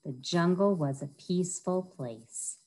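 A woman's voice: on the low side, measured pace, rough recording. A woman reading a picture book aloud to children at a library storytime, often asking her listeners questions. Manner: animated, asks the listeners questions.

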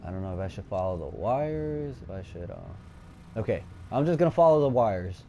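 A man giving let's play commentary, swinging between nervous muttering and loud excited shouting, and swearing a lot. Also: fairly low pitch, normal speed, a little hiss or hum. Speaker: gaming streamer.

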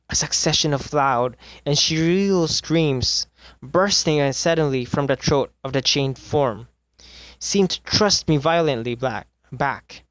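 A man reading a classic short story aloud at a measured pace, now and then stumbling and correcting himself. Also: a little high, no room sound. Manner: measured, with occasional misreadings and self-corrections. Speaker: reader.

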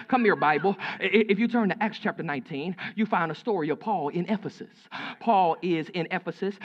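A man's voice: high-pitched, a bit bright, highs cut off. A man pastor preaching a sermon, telling folksy stories and repeating key lines for emphasis. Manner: preaching with folksy storytelling and repetition.

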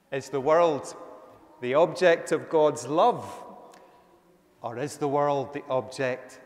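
Minister preaching in an echoey church. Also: male voice, a little high, slow, long pauses, darkish tone. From Northern Ireland. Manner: conversational, with emphatic rises. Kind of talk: sermon.

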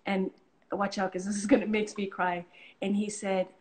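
A woman's voice: mid-range voice, little pitch movement, normal speed, a little mellow. A woman hosting an interview, telling stories in an earnest, appreciative way, often restarting her sentences. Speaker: host, charity leader. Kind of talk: conversational interview.

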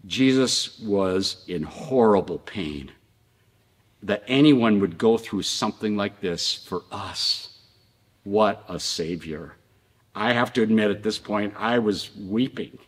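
A low-voiced male pastor delivering a slow, impassioned sermon. He swings between loud outbursts and hushed passages, and his voice is slightly husky. It rings out with the long reverb of a large church hall. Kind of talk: sermon and prayer. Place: church sanctuary.

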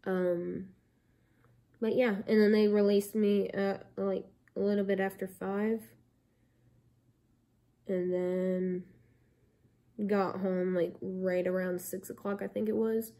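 Chatty young woman with a mellow voice. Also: medium pitch, flat delivery, takes it slowly, long pauses. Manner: rambling, chatty, with many likes and ums. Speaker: vlogger. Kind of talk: casual storytelling to camera.

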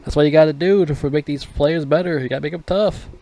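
A man with a fairly high, dark-toned voice talks quickly through a casual, rambling movie review. He swears a lot, mocks people, and keeps tripping over his words and restarting.

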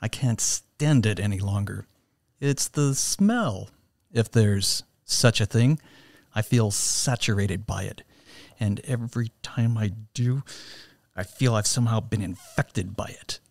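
A man's voice: fairly low pitch, gravelly, dry recording. Agent Smith, as a man impersonates him. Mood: contemptuous. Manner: slow, measured, monotone delivery. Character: cold menacing male machine agent, contemptuous.

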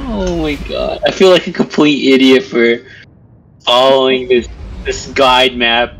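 A man's voice: medium pitch, fairly even intonation, unhurried, fairly bright tone, a little hiss or hum, rough recording. A young man giving casual gameplay commentary, confused and exasperated, swearing often. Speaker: gamer.

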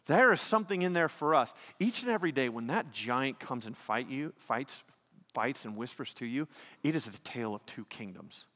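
A male pastor preaching an animated sermon, swinging between loud exclamations and hushed emphasis. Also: mid-range voice, moderate pace. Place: church sanctuary. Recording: long reverb of a church hall.

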